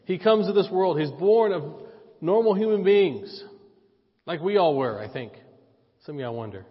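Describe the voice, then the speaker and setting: A man's voice: high-pitched, animated, moderate pace. Man preaching in a reverberant church. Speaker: pastor. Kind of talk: sermon with personal story. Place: church sanctuary. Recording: dull church audio with long reverb.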